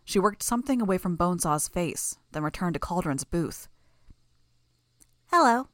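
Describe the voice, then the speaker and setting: A woman narrating a fan audiobook in first person, reading in an even, steady way. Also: lowish voice, a little fast, no echo, clean studio sound.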